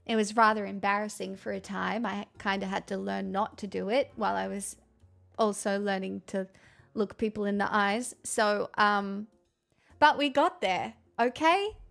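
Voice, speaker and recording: A woman's voice: medium pitch, normal speed, gravelly, a bit bright. A young woman streamer chatting casually and candidly with viewers, rambling and swearing freely. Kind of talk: casual chat answering viewer questions.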